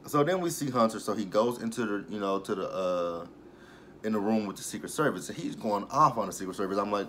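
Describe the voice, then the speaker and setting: A man with a lowish voice recaps a TV episode in a relaxed, chatty way. He keeps up blunt, sarcastic commentary and swears freely as he goes. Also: brisk, a little hiss or hum. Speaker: TV show reviewer.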